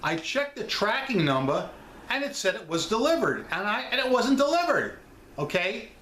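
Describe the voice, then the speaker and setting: A man's voice: sits high, sing-song, moderate pace, a bit bright, echoey room, a little hiss or hum. A man with a New York accent, talking straight to his viewers about selling online in a blunt, emphatic way. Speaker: online seller vlogger. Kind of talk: casual chat.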